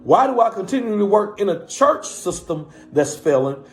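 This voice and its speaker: A man's voice: high-pitched, big pitch swings, normal speed. A man, a pastor, talking passionately to his live-stream viewers, repeatedly calling out to his listeners.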